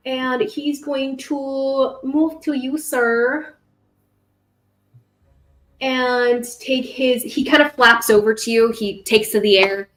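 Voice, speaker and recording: High-voiced woman running a tabletop game. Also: steady tone, slow, fairly bright tone, poor audio. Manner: rambling, self-correcting, with sound effects. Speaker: game master.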